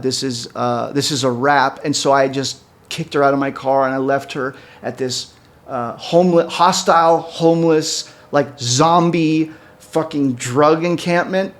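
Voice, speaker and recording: A man co-hosting a podcast, telling a long story in casual, profane chat with many fillers. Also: a little slow. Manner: animated, jumps up in pitch when quoting people. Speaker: podcast co-host.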